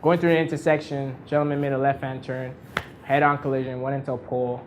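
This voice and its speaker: A man in his thirties giving a motivational storytelling speech at a launch party, animated and laughing often. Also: medium pitch, quick pace, noisy background. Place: event venue with an audience.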